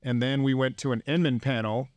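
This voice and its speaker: A man's voice: medium pitch, steady tone, brisk, darkish tone, no room sound. A man hosting a podcast, chatty and enthusiastic, telling stories in casual conversation. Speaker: podcast host.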